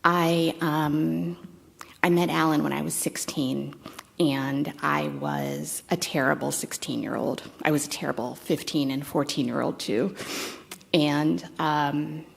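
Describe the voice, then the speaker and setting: A woman in her fifties giving a eulogy for her stepfather, conversational and halting, with fond, wry asides. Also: deep voice, steady tone, vocal fry, a little hiss or hum. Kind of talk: memorial eulogy.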